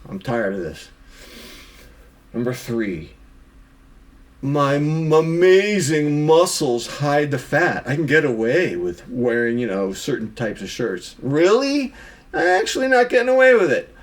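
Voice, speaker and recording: A middle-aged man vlogging to camera, emphatically scolding himself for his own excuses and calling himself out by name. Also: medium pitch. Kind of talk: self-critical monologue to camera.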